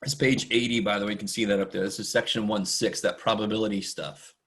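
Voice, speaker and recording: A man teaching a math class online in a casual, chatty, rambling way, often talking fast and poking fun at himself. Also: on the low side, steady tone, fairly bright tone. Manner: chatty, rambling and self-deprecating; talks fast much of the time. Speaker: math instructor. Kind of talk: casual online lecture to students.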